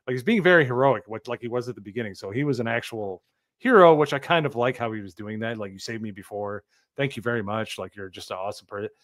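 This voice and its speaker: A man of middle pitch shares his views on a film in a live review chat, circling around his points and restarting sentences as he goes. His voice sounds dry and close to the mic. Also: dry recording. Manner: rambling, many fillers and restarts. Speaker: movie review co-host.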